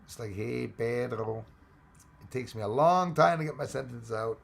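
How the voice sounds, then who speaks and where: Canadian man, gravelly voice, loose jokey stream host reading chat aloud. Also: medium pitch, lively intonation, brisk. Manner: rambling, jokey, greets viewers by name. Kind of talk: casual live chat.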